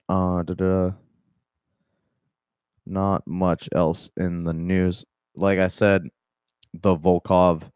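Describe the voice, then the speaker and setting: A young man with a Southern accent talks casually about fighting news, in loose, profane bursts full of restarts and asides. His voice sits low, and the recording is dry and close. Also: darkish tone, smooth, dry recording. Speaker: MMA podcast host. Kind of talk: casual commentary.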